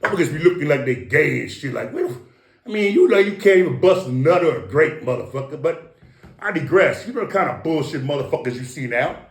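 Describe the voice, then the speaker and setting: A man's voice: fairly high pitch, expressive, fast, creaky. A middle-aged man from East Los Angeles telling stories as an interview guest in a boastful, profane way, with his own sound effects. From East Los Angeles, USA. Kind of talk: casual storytelling. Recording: roomy echo.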